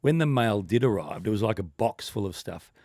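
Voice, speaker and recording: A man's voice: lowish voice, animated, brisk, dark tone, dry recording, studio quality. A middle-aged Australian man hosting a radio show, telling wry anecdotes in casual banter. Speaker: radio host. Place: radio studio.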